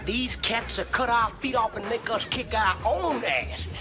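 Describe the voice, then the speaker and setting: A man's voice: extremely high pitch, measured pace, loud music behind the voice. Wisecracking man in a sitcom. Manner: wisecracking, exaggerated. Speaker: sitcom character. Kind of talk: sitcom acting.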